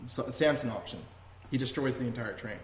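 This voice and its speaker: A man's voice: mid-range voice, a little fast. Ranting man in an echoey room. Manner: ranting, emphatic, swears often. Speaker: podcast host. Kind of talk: heated podcast rant. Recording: echoey room with faint noise.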